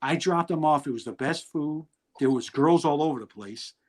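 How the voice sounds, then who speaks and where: A man's voice: a little high, moderate pace, low-quality recording. A middle-aged man, a guest on a video-call interview, telling rambling, blunt stories and laughing through them. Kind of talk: candid storytelling in an interview.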